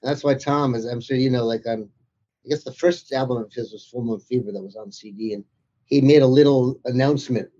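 Man, interviewed author, mellow tone, laughing storyteller, muffled lo-fi recording. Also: mid-range voice, brisk. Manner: chatty storyteller, laughs through his anecdotes. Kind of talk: anecdotal interview conversation.

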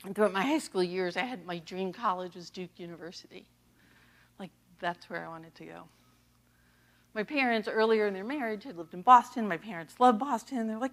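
A middle-aged associate pastor from the American East Coast gives a testimony sermon briskly at a medium pitch. Animated, she laughs often as she recounts her story.

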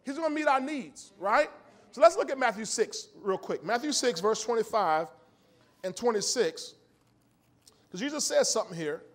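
A man with a high voice preaching to his congregation in a church sanctuary. He talks in a folksy way and laughs often. He swings between loud, emphatic lines and quiet storytelling asides. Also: animated, normal speed. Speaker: pastor. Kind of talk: sermon.

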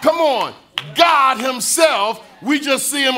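Pastor, male, high bright voice, preaching with call-and-response, rising to shouts and sung lines. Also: lively intonation, slow pace. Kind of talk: sermon.

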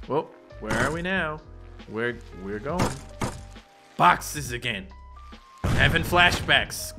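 A young man giving jokey let's play commentary on a video game, now and then leaping into squeaky put-on voices. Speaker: gaming YouTuber.

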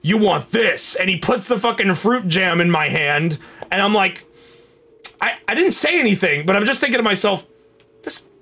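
A young man on a casual gaming stream, telling stories and reacting with swearing, shouts and laughter. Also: high voice, moderate pace. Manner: animated, profane, bursts into shouts and laughter.

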